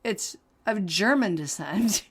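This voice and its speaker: A woman's voice: medium pitch, expressive, slow pace, a little hiss or hum. A young adult woman co-hosting a podcast, blunt and sarcastic in casual chat, laughing often. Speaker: podcast co-host.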